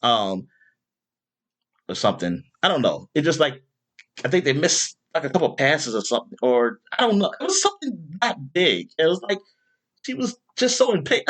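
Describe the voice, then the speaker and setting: A man hosting a podcast in casual chat, rambling with lots of fillers and bursting into loud exasperation. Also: fairly high pitch, normal speed. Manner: rambling, animated, with many fillers. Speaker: podcast host.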